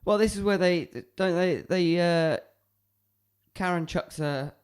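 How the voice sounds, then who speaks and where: A man's voice: high voice, a little slow, clear, resonant tone. A man co-hosting a podcast, chatting casually about a film with wry asides, laughter and casual swearing. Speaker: podcast co-host.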